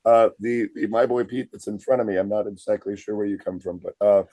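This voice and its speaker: A man's voice: lowish voice, fairly even intonation, a little fast, dark tone, no echo. A man co-hosting a podcast in casual comedic chat, playfully setting up prompts with hesitant fillers. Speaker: podcast co-host.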